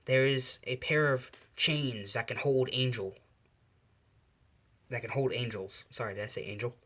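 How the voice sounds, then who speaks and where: A man voicing a male angel father who gives long, grave warnings in a low, quiet voice, in a fan storytelling video. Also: steady tone, measured pace.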